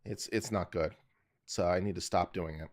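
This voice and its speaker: A man's voice: low-pitched, moderate pace. A man streaming legal commentary, explaining jury charges and critiquing his own speaking habits in a casual, self-critical way. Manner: self-critical, explanatory, talks through his edits aloud.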